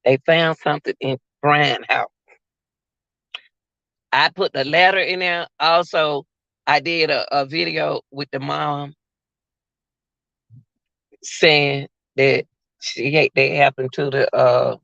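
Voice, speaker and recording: A woman's voice: sits low, steady tone, slow pace, vocal fry, pauses often, fairly bright tone, no echo. A woman vlogger, chatting casually to her viewers about a case. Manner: chatty, addresses viewers as y'all. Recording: dull lo-fi sound.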